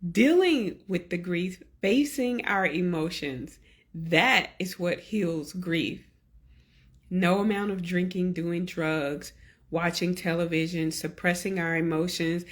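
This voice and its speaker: A middle-aged woman hosting a podcast, speaking slowly and earnestly in a slightly low voice. She coaches her listeners gently, one deliberate phrase at a time. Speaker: podcast host. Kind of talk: reflective solo podcast talk.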